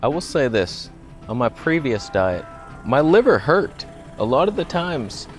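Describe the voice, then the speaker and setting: A man of medium pitch chats to the camera outdoors, casual and joking, with wry self-mocking asides. Faint music plays underneath his voice. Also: big pitch swings, a little slow. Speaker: vlogger. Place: outdoors, walking by a road.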